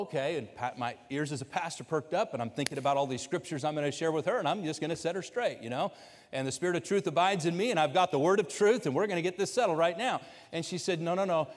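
Male pastor, storytelling sermon, fairly high voice, long church-hall echo. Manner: conversational storytelling, voicing quoted people, building to loud preaching. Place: church sanctuary.

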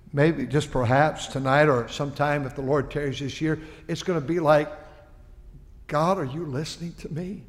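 Older preacher with a ringing church echo. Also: male voice, medium pitch. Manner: impassioned, swings from quiet to shouting. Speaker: pastor. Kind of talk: sermon. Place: church sanctuary. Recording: long reverb of a church hall.

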